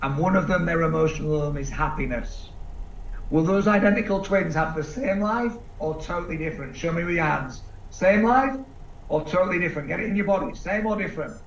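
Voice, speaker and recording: A man giving an energetic seminar talk to a live audience, asking them questions and acting out quick voices. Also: a little high. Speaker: seminar speaker. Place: large event room with live audience. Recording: echoey room, distant mic, dull sound, faint background noise.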